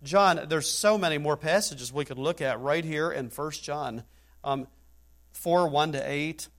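A male pastor delivers a fervent sermon. His voice sits a little higher than most men's, and he swings between quiet, low asides and raised, pressing exhortation. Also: unhurried.

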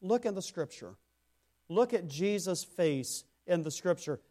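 A man preaching a sermon to a congregation. He builds to loud emphatic phrases, then drops into quiet, low asides, and addresses listeners by name. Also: expressive, unhurried. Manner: speaks to congregation members by name. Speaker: pastor.

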